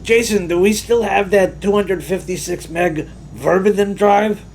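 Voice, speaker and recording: A slow-witted male store clerk, put on by a man telling a story, with a gravelly, strained voice pitched well above the storyteller's own. He sounds dim and earnest, as if asking a simple question he doesn't understand. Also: darkish tone, slight background noise. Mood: dopey.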